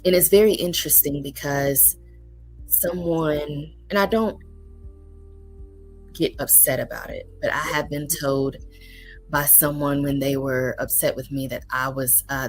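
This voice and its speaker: A woman's voice: rumbling low, steady tone, measured pace, poor audio. A woman therapist as a guest, speaking earnestly and encouragingly with frequent ums. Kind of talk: casual interview talk. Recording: faint music underneath.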